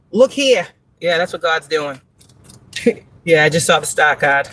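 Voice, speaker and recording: A woman's voice: low-pitched, animated, measured pace, pauses often, a bit bright. A woman giving a live tarot reading, blunt and profane, talking emphatically with frequent laughs and rhetorical questions. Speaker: tarot reader on a livestream.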